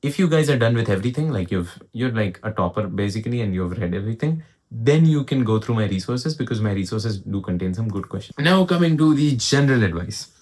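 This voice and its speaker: A man's voice: on the low side, lively intonation, fast, darkish tone. A young man with an Indian accent giving casual study advice in a vlog. He talks urgently and keeps pressing the point, slipping Hindi into his English. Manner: urgent, exhorting, mixes Hindi into English, says "bro". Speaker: student advice vlogger.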